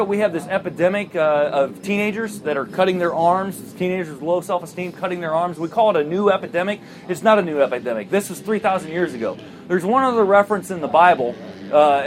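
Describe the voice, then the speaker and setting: A man preaching a sermon, retelling a Bible story in a lively way and acting out the characters' voices. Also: high-pitched, a little hiss or hum. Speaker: pastor.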